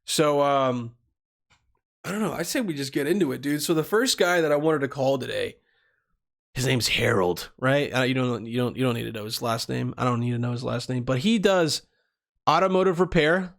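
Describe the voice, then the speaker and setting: A man's voice: medium pitch, normal speed, gravelly. A man hosting a comedy podcast, talking casually in a rambling, profane way and often stumbling over his words. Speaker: podcast host.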